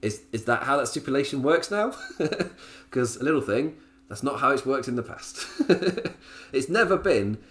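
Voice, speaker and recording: Lively, laughing man. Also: mid-range voice. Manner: rambling, laughs often between points, goes off on tangents. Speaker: wrestling podcast host. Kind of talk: casual solo review podcast.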